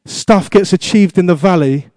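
A man's voice: high-pitched, moderate pace, darkish tone, no room sound, studio quality. A man preaching a sermon as pastor, asking the congregation questions and repeating his exhortations.

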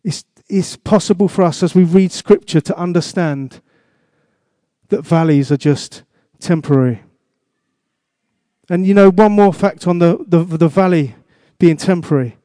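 A man's voice: sits high, unhurried, mellow, no echo, clean studio sound. A man preaching a sermon as pastor, asking the congregation questions and repeating his exhortations.

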